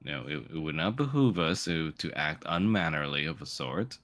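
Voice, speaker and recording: A man's voice: extremely low pitch, lively intonation, moderate pace, a bit bright, heavily acted. A man voicing a pompous, fussily polite male noble who speaks in stuffy formal phrases. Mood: placating. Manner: stuffy, overly formal, stammering niceties.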